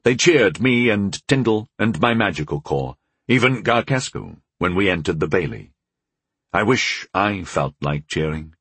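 Husky-voiced man narrating a fantasy audiobook. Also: low voice, lively intonation, a bit bright, no room sound. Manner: measured, wry storytelling.

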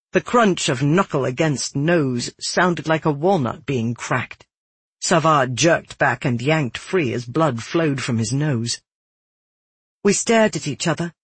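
An audiobook narrator reading a first-person fantasy story in a steady, earnest way. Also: medium pitch, slightly rough, no echo.

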